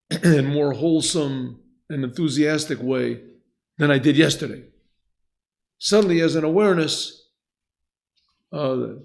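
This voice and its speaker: A man teaches a Chassidus lesson in a yeshiva classroom, his voice slightly high with a gravelly edge. He tells a story at length, slipping into the voices of the people in it, and he often stops to clear his throat. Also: a little mellow.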